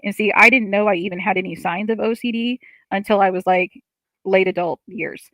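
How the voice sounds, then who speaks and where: Seated at home, a woman hosts a casual livestream, reading viewer comments aloud and answering them in a chatty, open way, laughing often and using lots of fillers. Her voice is medium-pitched and fairly bright, with a steady tone and a slightly fast pace. The recording is low quality, with no room sound.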